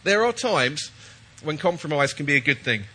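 A man's voice: a little high, big pitch swings, normal speed, bright, forceful tone, slightly rough. A man preaching a chatty, jokey sermon while he has a cold, often checking in with his listeners.

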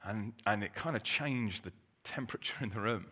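Bright-voiced man retelling a story. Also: fairly low pitch, moderate pace. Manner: conversational, with restarts and acted quotes. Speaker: preacher. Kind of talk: storytelling sermon.

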